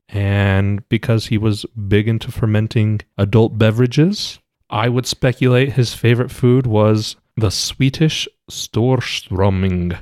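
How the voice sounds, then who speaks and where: A man's voice: lowish voice, a little mellow, no echo, studio quality. A man who is a chef, talking eagerly as a podcast guest. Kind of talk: casual chat.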